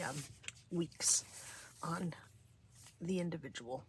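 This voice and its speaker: A middle-aged woman with a weak, craggy voice, chatting casually and softly, often half-whispering, as she flips through a craft journal at home. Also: on the low side, moderate pace, vocal fry, a little hiss or hum. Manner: relaxed and meandering, with many fillers and restarts. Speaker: craft vlogger. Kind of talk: casual chat during a journal flip-through.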